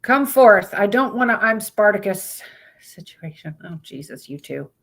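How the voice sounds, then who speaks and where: A woman's voice: medium pitch, expressive, a little slow, vocal fry, a bit bright. A woman hosting a casual live stream, greeting viewers by name and reading out topics aloud with stumbles and blunt asides.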